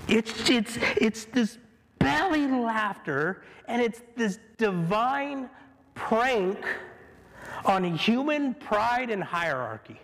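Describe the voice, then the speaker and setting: A man preaching a sermon as pastor, telling stories in an animated way with frequent laughs and restarts. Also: high voice, takes it slowly. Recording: long reverb of a large hall.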